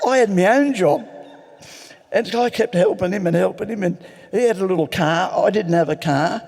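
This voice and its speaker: A man's voice: sits high, normal speed, creaky, darkish tone. An older man rambling through a self-mocking personal story at a recovery meeting. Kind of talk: personal story told to an audience. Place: large hall. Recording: echoey large hall.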